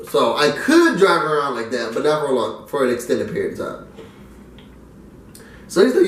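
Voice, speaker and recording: A man's voice: fairly high pitch, quick pace. A young man from New York telling a story casually and animatedly, acting out the other people's lines. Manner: animated, acts out the voices in his story. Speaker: vlogger. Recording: roomy, mic at a distance.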